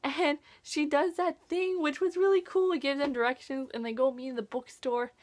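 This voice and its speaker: A teenage girl chatting casually about a book she has read, gushing and chatty, with lots of "like" fillers and lively reactions. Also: high-pitched, normal speed. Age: teens. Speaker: book reviewer. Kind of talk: casual book review vlog.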